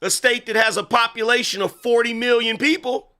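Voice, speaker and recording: A man's voice: extremely high pitch, fairly quick, bright, forceful tone. A middle-aged man giving sarcastic, indignant commentary while reacting to an interview clip. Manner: sarcastic, indignant, mocking asides. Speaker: political commentator.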